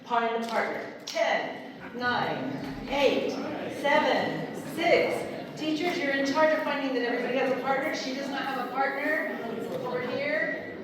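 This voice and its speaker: Upbeat woman workshop leader, high voice, slow delivery, heard from afar in an echoey hall with a crowd. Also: far from the mic. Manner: upbeat, coaxing, counts down and sings along. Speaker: singing time workshop presenter. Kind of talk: leading a live group song and movement workshop. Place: large hall with a group of adults.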